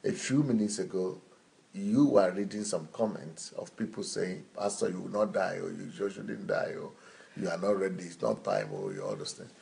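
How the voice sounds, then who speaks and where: A man's voice: sits low, very animated, moderate pace, gravelly, a little mellow. A man in his fifties, a pastor speaking bluntly and insistently in a live question-and-answer talk. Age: 50s.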